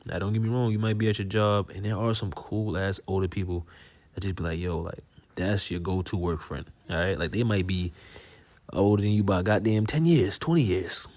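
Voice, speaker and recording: A young man ranting to camera about work beef, animated and slangy, laughing often. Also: fairly low pitch, a little fast. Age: young adult. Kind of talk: comedic rant to camera.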